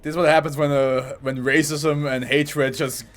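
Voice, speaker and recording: A man reacting out loud to an anime episode, laughing, swearing and talking back to the screen. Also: fairly high pitch, little pitch movement, normal speed. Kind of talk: casual reaction commentary.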